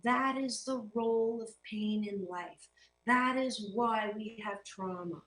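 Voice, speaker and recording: A woman's voice: fairly high pitch, slow pace, a bit bright, echoey room, soft background music, rough recording. A woman hosting a motivational talk show as a happiness coach, speaking earnestly and emphatically, with playful stand-ins for swear words.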